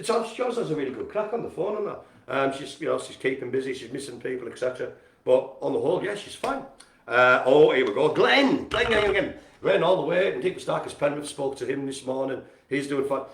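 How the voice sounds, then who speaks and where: A man hosting a community centre's live stream, giving casual, jokey shout-outs and poking fun at himself. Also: mid-range voice, gravelly. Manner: chatty, jokey and self-mocking. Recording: roomy echo.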